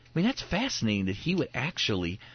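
A man teaching about a Bible passage in a conversational way, emphatic and animated, often acting out what people said. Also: quick pace, breathy edge, no echo, highs cut off. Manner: emphatic, acts out quoted speech with rising pitch.

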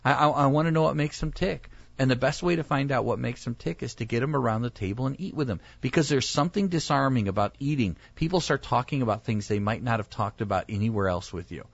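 A man's voice: mid-range voice, fast, vocal fry, few pauses, no echo, muffled recording. A male pastor chatting casually, telling stories and acting out the people in them. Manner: animated storyteller, acts out quoted voices. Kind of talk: casual chat.

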